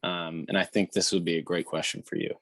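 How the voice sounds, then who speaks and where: A man cohosting a podcast, asking questions in a relaxed, casual way with plenty of fillers. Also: low voice, brisk, dry recording.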